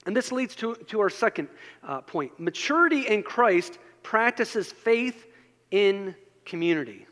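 A man's voice: sits high, fairly bright tone. A man preaching a sermon as a pastor, earnest and repetitive as he drives his points home. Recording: long reverb of a large hall.

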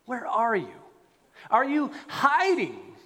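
A man preaching a sermon as a pastor, animated and acting out quoted prayers. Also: very high voice, slow pace, big-room sound.

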